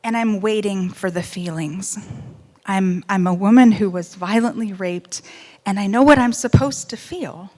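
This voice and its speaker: A woman giving a personal testimony speech, wry at times, shifting between loud outbursts and hushed, quiet moments. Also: mid-range voice. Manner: wry humor amid serious story. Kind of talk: emotional first-person storytelling speech.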